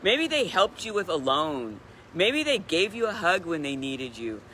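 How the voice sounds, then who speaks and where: Animated woman in her sixties, bright voice. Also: fairly low pitch, a little slow, slight background noise. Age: 60s. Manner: animated, chatty storyteller. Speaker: wellness speaker. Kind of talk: live-stream motivational talk.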